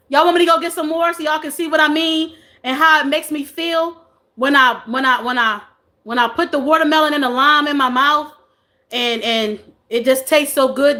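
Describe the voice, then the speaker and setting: A woman's voice: sits high, moderate pace, pushed and bright. A woman in her forties hosting a casual live stream, chatting playfully with viewers, reading their comments, and laughing often. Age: 40s.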